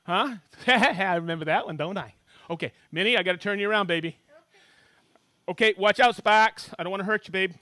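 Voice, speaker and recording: A middle-aged man from Maine hosting a live-streamed tool demo, chatting and reading out where viewers are from with bursts of excitement. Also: high-pitched, brisk, dry recording. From Maine, USA. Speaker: livestream host demonstrating tools.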